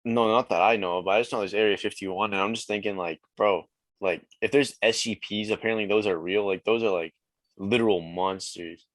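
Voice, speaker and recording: Laid-back teen guy, low dry voice. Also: steady tone, a little fast, no echo. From Quebec, Canada. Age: teens. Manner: laid-back, many "like" and "man" fillers. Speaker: guest rapper. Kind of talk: casual chat.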